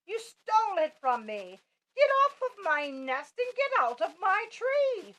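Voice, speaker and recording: A woman's voice: sits high, very animated, slow pace, exaggerated voice, rough recording. A woman voicing a lazy, selfish female bird in a read-aloud storybook, squawking shrilly. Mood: indignant.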